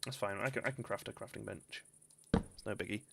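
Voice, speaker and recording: A man's voice: fairly low pitch, fairly quick, creaky, noisy background. A man giving casual, rambling commentary while streaming a game, chatting and laughing often. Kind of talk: casual let's-play commentary. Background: faint game music.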